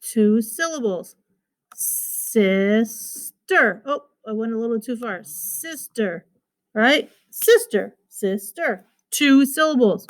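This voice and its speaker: A woman's voice: fairly high pitch, expressive, unhurried. A woman teacher giving a recorded phonics lesson to children, patiently repeating words and sounding out their syllables.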